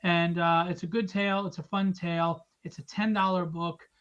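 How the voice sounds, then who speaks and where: A man's voice: high-pitched, little pitch movement, moderate pace, fairly bright tone, clean tone, dull audio. A man hosting a live drawing stream, chatting casually and rambling through jokes and plugs. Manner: joking, rambling, teasing.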